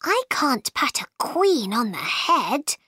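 A woman's voice: high-pitched, sing-song, takes it slowly, pushed and bright, slightly rough, no room sound, clean studio sound, voice pushed up, full character voice. A woman voicing a curious, polite young girl in a storybook, asking earnest, puzzled questions.

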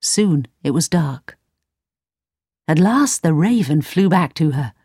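A woman reads a children's storybook aloud in a calm, measured way. Her voice sits fairly low, and the recording is close and dry, with no room echo. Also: breathy edge. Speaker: narrator. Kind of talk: storybook reading.

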